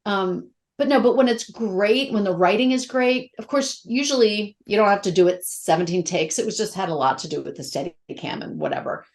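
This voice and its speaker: A middle-aged actress speaking as a guest in a casual interview, candid and emotional, telling stories with a lot of feeling. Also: female voice, medium pitch, brisk, hardly any pauses. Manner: candid, emotional, animated storytelling.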